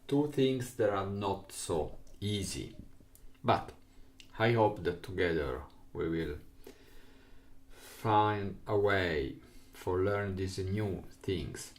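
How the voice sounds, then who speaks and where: Slow, animated Italian-accented music teacher. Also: male voice, low-pitched. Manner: patient, explains step by step in simple non-native English. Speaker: recorder teacher. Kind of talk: music lesson.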